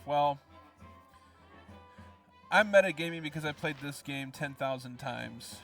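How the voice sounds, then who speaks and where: A man's voice: a little high, measured pace, long pauses, fairly bright tone, far from the mic, soft background music. A young man from the US Midwest giving casual let's play commentary, explaining as he goes with plenty of ums. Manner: rambling, explanatory, lots of ums.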